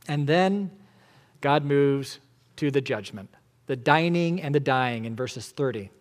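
A man preaching an expository sermon as pastor, emphatic, swinging between loud declarations and hushed lines. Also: fairly high pitch.

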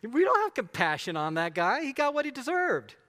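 A man's voice: extremely high pitch, very animated, brisk, pushed and bright, in a large hall. A man preaching a sermon as pastor, conversational and emphatic, asking the congregation rhetorical questions.

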